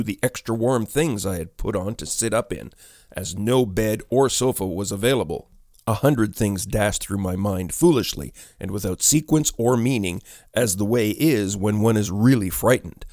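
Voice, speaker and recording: A man narrating a ghost story in a measured storytelling delivery. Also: on the low side, darkish tone, dry recording, studio quality.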